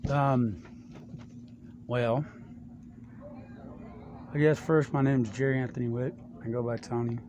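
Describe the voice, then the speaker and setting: A man's voice: mid-range voice, steady tone, slow pace, long pauses, darkish tone, lo-fi sound. A man talking in a rambling personal monologue to a friend, meandering from topic to topic with many fillers. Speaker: speaker addressing a friend. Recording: clear background noise.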